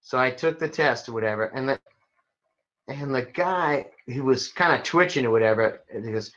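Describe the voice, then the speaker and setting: A man telling stories in a casual chat, rambling and animated with lots of fillers. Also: mid-range voice, moderate pace. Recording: dull lo-fi sound.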